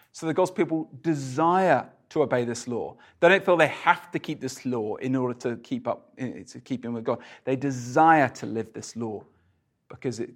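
A man leading an interactive Bible study in church, talking conversationally with fillers and restarts, and growing animated when he reads scripture aloud. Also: medium pitch. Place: church gathering.

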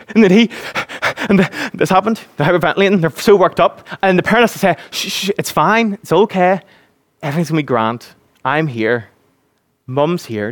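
A man preaching a sermon, earnest and animated when he acts out scenes. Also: medium pitch, no echo.

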